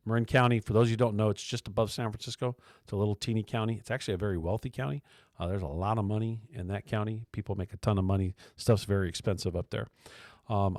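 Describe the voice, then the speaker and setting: A man's voice: lowish voice, darkish tone, no room sound, studio quality. A man hosting a casual labor radio show, talking loosely with lots of fillers, restarts and sarcastic asides. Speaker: talk show host.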